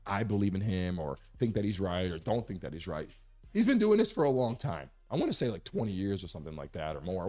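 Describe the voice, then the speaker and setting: A hoarse man hosting a live sports talk show, talking emphatically and repeating his point to make it clear. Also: fairly low pitch, a little mellow. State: hoarse, recovering from a lost voice.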